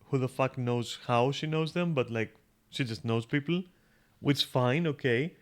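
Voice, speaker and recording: A man's voice: mid-range voice, measured pace. A man streaming a game, thinking aloud in loose, rambling talk full of fillers and casual swearing. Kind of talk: casual gameplay commentary.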